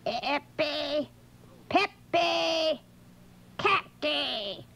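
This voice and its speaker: A woman voicing a cruel old Wicked Witch on a vintage storybook record, in a shrill, piercing voice. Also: lively intonation, takes it slowly, heavily acted. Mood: chanting. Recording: dull lo-fi vintage record with loud hiss.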